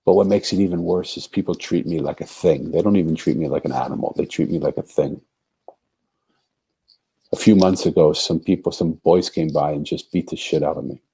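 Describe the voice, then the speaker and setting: A man with a low, dark, husky voice tells a story as a podcast guest. He speaks earnestly and acts out the voices of the people he quotes. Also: fairly quick. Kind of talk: storytelling in a conversation.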